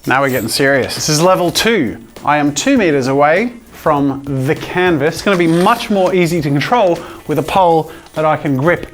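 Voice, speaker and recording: A man hosting a comedic art challenge vlog, joking with viewers in a self-mocking way and now and then shouting from excitement. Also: a little high, moderate pace, slight background noise. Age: adult. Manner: playful, self-mocking, jokey asides to viewers. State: physically tired from drawing with a long pole. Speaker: art YouTuber. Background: faint background music.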